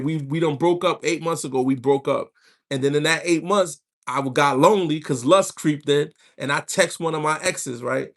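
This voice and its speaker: Man livestreaming spiritual advice, voice a bit on the high side, loose and slangy, telling stories to the chat. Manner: animated storytelling with slang and asides to viewers. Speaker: livestream host. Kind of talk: casual spiritual advice talk.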